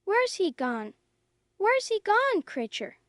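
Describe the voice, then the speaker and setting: A woman's voice: very high voice, very animated, takes it slowly, dry recording, studio quality, pitched above the performer's own voice, heavily acted. A woman reading the lines of an urgent, insistent teenage boy wizard in a storybook. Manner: insistent, demanding.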